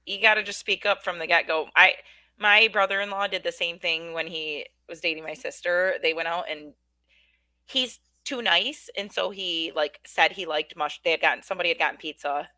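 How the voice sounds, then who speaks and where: A woman's voice: lowish voice, moderate pace, bright, forceful tone, dry recording. A woman co-hosting a casual podcast, telling stories in a chatty way. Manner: chatty storyteller. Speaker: podcast co-host. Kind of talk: casual chat.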